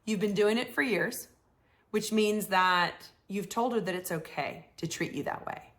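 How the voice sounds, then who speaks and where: A woman's voice: mid-range voice, measured pace. A woman life coach hosting her show, giving advice to viewers and acting out phrases they could say. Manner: warm coaching tone, acts out sample phrases.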